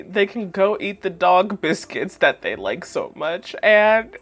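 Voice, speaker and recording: A woman's voice: medium pitch, very animated, slow pace, few pauses. A woman in her twenties chatting casually as she recaps a cartoon, laughing often and saying "like" a lot. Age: 20s. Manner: chatty, laughing, heavy use of "like". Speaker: host.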